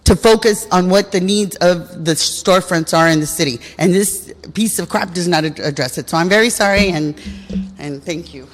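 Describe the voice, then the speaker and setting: A woman's voice: fairly low pitch, normal speed, soft background music. A woman giving an emotional public comment at a city meeting, upset and repeating herself. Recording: echoey council chamber.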